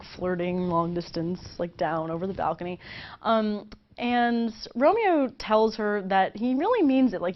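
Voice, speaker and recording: A woman teaching a casual literature lesson in a chatty, playful way, full of fillers. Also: medium pitch. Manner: chatty and playful, many fillers, laughs often. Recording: slightly dull lo-fi recording.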